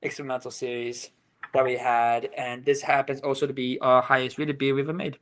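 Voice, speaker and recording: A man's voice: medium pitch, flat delivery, fairly quick, fairly bright tone, a little hiss or hum. A man from England, a brewery co-founder, chatting as a podcast guest, rambling with lots of "you know" and "like". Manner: rambling, many fillers and restarts. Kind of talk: casual interview chat.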